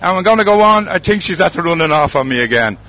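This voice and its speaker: A man's voice: on the high side, expressive, quick pace, pushed and bright. An Irish man hosting casual walkabout interviews at a festival, chatty and jokey, laughing often. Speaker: roving host at a festival.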